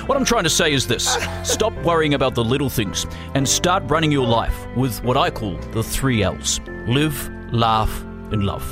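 A man's voice: medium pitch, lively intonation, normal speed, hardly any pauses, over music, lightly acted. A man doing a pompous New broadcaster. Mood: mock-inspirational. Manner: pompous, mock-inspirational speech. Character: impression of a smug male radio broadcaster giving a pep talk.

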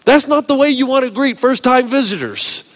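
A man pastor preaching a sermon, telling stories with an animated, varied delivery. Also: very high-pitched, moderate pace.

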